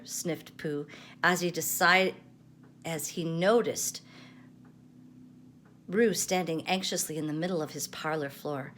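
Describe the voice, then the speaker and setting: An older woman, a grandmother, reading a children's storybook aloud with gentle, expressive delivery. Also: deep voice, moderate pace, a little hiss or hum. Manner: gentle expressive read-aloud, varied intonation.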